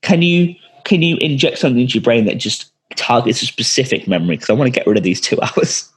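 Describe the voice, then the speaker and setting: Husky-voiced man chatting loosely. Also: mid-range voice, big pitch swings, fast talker. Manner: rambling, self-interrupting, jokey. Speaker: podcast co-host. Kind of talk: casual chat.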